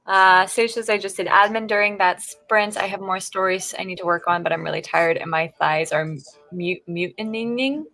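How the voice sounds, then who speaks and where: Woman, livestream host, casual chat, bright clear voice, dry close sound, giggly, stumbles on words. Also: lowish voice, flat delivery, moderate pace, hardly any pauses, no room sound. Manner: giggly, trips over words.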